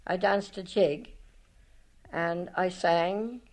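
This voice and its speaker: An older woman with an Irish accent tells stories from her life in a rambling, lively way, full of restarts and retold conversations. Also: lowish voice, drawn-out words, poor audio. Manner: rambling, lively, retells past talk with many restarts. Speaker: storyteller recalling her life. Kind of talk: spoken memoir, reminiscing.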